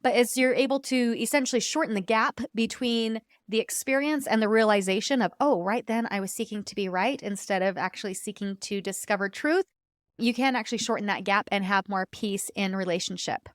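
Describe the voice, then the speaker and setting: Hosting a personal-growth podcast, a woman shares a personal story in an earnest, reflective way, with light laughs. Her medium-pitched voice runs a little fast, and the studio-quality recording has no echo.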